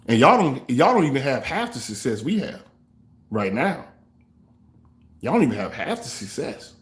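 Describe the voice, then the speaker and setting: A man hosting a fan reaction show, trash-talking rival fans in a loose, animated way. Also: medium pitch, fairly quick. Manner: trash-talking, animated, African American Vernacular English grammar. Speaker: sports fan show host.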